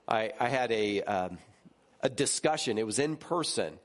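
A man who is a pastor, giving a conversational sermon in a lively, chatty way and often checking in with his listeners. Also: normal speed. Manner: lively, jumps higher when recounting stories.

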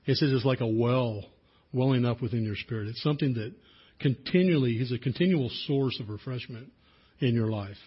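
A man preaching a sermon in a relaxed, conversational way, often restarting his sentences. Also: medium pitch, a little fast, husky, dull audio. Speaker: pastor.

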